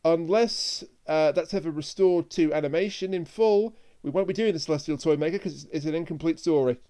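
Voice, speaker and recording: High-voiced man in casual podcast chat. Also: a little fast, dark tone. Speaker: podcast co-host.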